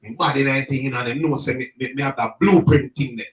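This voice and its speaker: A man's voice: mid-range voice, fast. A man with a Jamaican accent, an emphatic street gospel minister who preaches in patois during a conversation. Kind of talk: passionate reasoning conversation. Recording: echoey, distant, muffled sound.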